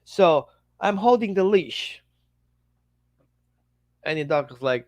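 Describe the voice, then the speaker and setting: Animated man teaching with acted-out dialogues. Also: on the high side, takes it slowly, long pauses, no echo, studio quality. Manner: animated, acts out little dialogues. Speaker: dog trainer. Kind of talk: casual teaching talk.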